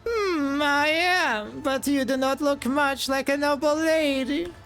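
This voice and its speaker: A man voicing a hesitant male lord who questions a servant with halting fillers, reading game dialogue aloud. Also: very high-pitched, fairly bright tone, faint music behind, exaggerated voice.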